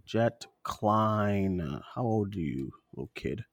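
A man in his twenties co-hosting a podcast, chatting in an animated way with laughs and quick asides. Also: fairly low pitch, dry recording, studio quality. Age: 20s. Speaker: podcast co-host. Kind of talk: casual chat.

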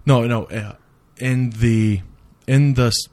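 A man telling a rambling story in casual chat, animated and full of swearing, acting out what people said. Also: medium pitch, takes it slowly, dry recording. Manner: animated, swears a lot, acts out quotes.

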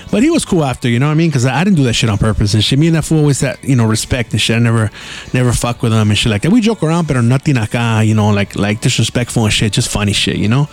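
A man's voice: mid-range voice, animated, racing. A man hosting a podcast, telling rambling stories with heavy swearing and laid-back slang. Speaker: podcast host. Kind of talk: casual storytelling.

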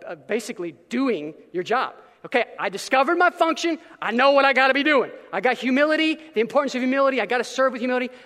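A male pastor preaching a sermon in an energetic, casual way with slang, now and then breaking into shouts. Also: high-pitched, long reverb tail.

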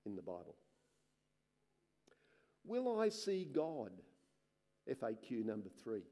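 A man preaching, reading scripture slowly and earnestly, his voice dropping soft and low at the ends of phrases, with musing, excited asides between readings.

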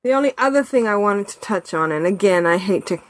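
A woman hosting a podcast in casual chat, animated and chatty, laughing often, talking over a remote call mic. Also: medium pitch, fairly quick, no room sound. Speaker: podcast host.

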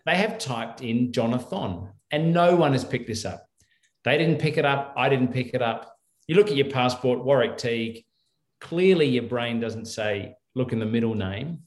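A man's voice: mid-range voice, expressive, moderate pace. Middle-aged guy rambling thru a story, lots of restarts, roomy echo. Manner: rambling, with many restarts and fillers. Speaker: guest doctor. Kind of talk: casual interview storytelling.

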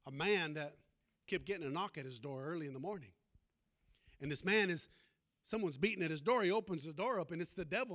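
A man's voice: on the high side, a bit bright. A male pastor preaching a sermon, telling a story and calling out to the congregation for amens. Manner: storytelling preacher with call-and-response.

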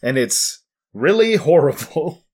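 A man's voice: fairly high pitch, sing-song, slow pace, darkish tone, slightly rough. A young man casually recapping an anime episode on a podcast, rambling with fillers and laughs. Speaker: podcast co-host.

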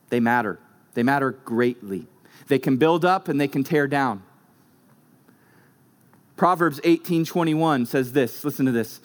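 Guy pastor preaching, kinda high voice, punchy repeated lines. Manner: emphatic, repeats short phrases for effect. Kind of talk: sermon.

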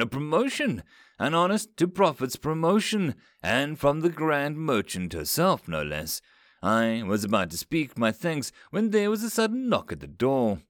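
A man narrating a science-fiction story in an expressive, dramatic reading style. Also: mid-range voice, no echo, clean studio sound.

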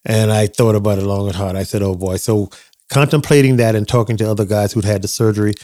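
Older man with a low, mellow voice. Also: steady tone, quick pace, dry recording. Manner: warm, reflective, acts out remembered dialogue. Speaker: guest, dentist father of the host. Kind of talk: casual storytelling in a podcast interview.

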